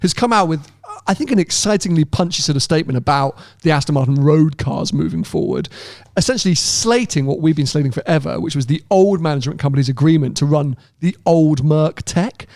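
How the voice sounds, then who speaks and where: A man co-hosting a car podcast in casual chat, animated and quick to laugh. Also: on the high side, no echo, studio quality. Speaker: podcast co-host.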